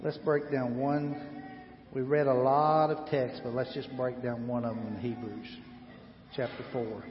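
Older pastor preaching in an echoing hall. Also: male voice, medium pitch, little pitch movement, measured pace. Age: 60s. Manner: call-and-response, leading the congregation in repeated phrases; storytelling with rising emphasis. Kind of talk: sermon. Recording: roomy hall reverb, slightly dull sound.

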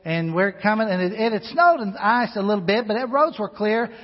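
A man preaching a sermon in a church, telling a personal story and swinging between hushed asides and loud, rising exhortation. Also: high-pitched, lively intonation, fairly quick. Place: church sanctuary. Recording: long hall reverb, dull lo-fi sound.

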